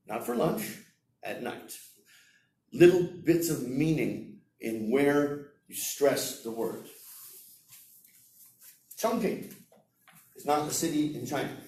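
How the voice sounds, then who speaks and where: A man teaching English at a seminar, lecturing slowly and demonstrating example sentences aloud. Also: on the high side, expressive, gravelly, darkish tone. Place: seminar room. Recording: roomy echo, heard from far off.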